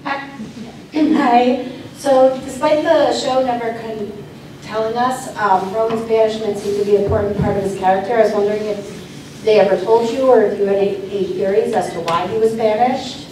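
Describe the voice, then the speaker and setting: A woman's voice: a little high, steady tone, moderate pace, noisy background. A woman fan asking an audience question at a panel, polite and a little hesitant. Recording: very echoey hall from far off.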